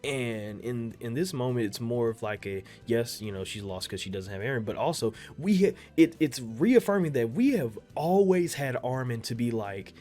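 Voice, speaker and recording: Young man rambling through an animated reaction. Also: a little slow, faint music behind. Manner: rambling, profane, repeats himself, bursts into loud excited pitch jumps. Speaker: anime reaction video creator. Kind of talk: casual reaction commentary.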